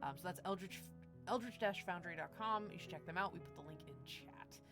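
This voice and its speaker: A woman's voice: on the low side, fairly quick, creaky, over music. A woman hosting a tabletop game stream, chatting casually through sponsor reads with lots of fillers and restarts. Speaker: dungeon master and show host.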